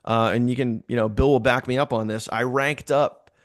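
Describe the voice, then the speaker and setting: A man telling a casual story to his team, animated and repeating phrases for emphasis. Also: mid-range voice, normal speed, no room sound, studio quality.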